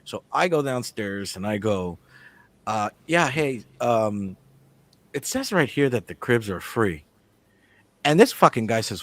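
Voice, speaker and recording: A man telling a story in casual chat, swearing freely and acting out the dialogue with lively energy. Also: on the low side, a little slow, no room sound. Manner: animated, profane, acts out the dialogue. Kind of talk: casual storytelling among friends.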